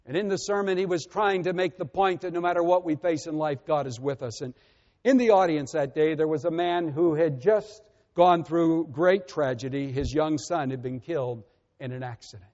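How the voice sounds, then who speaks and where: A man preaching a sermon as pastor, earnest and measured, often letting his voice sink softly at the ends of phrases. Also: on the high side. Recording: muffled with long reverb.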